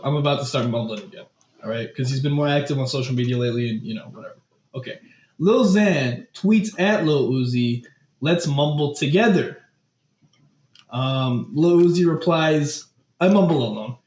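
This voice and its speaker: A young man co-hosting a podcast, chatting casually about music news, animated and exasperated with lots of fillers. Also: a little high. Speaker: podcast co-host. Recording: echoey room, dull lo-fi mic.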